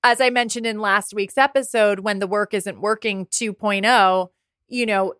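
A woman's voice: mid-range voice, steady tone, moderate pace, a bit bright, dry recording. Woman in her forties, bone-dry podcast voice. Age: 40s. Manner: candid and conversational, swears freely. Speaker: podcast host. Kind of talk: casual solo podcast talk. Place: apartment by the ocean.

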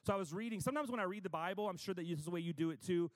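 A man's voice: high-pitched, rapid-fire. Chatty preacher man in a reverberant hall. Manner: chatty and self-deprecating, with frequent asides. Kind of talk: conversational sermon.

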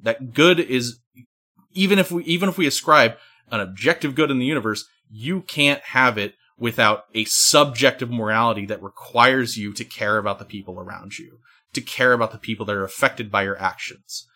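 A man's voice: medium pitch, moderate pace, pushed and bright. A man co-hosting a casual discussion, lecturing at length and checking in with "right?". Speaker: podcast co-host.

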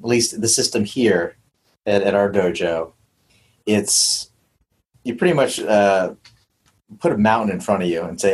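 A man hosting a conversational interview from a dojo, asking probing questions and reflecting with halting restarts. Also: lowish voice, breathy edge.

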